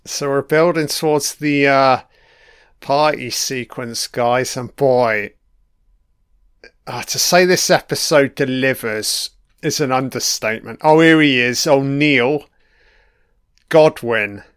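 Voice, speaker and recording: A man's voice: medium pitch, slow pace, a bit bright, clean tone, no room sound, studio quality. A man giving a profane, mocking watch-along commentary on a TV episode, heckling the characters on screen. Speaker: film commentator.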